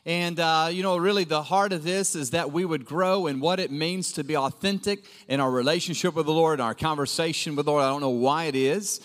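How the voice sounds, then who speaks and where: Middle-aged male pastor, high voice, lively conversational sermon, big hall reverb. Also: a little fast, few pauses. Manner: lively and conversational, acting out quotes in a raised voice. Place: church auditorium. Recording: long reverb of a large hall.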